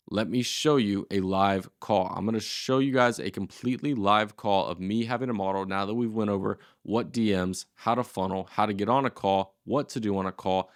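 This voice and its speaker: A man's voice: fairly low pitch, no room sound, studio quality. A man in his twenties with an American accent, coaching his audience bluntly and energetically, then leading a sales call. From United States. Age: 20s. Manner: blunt, energetic, swears casually. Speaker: agency owner teaching a course.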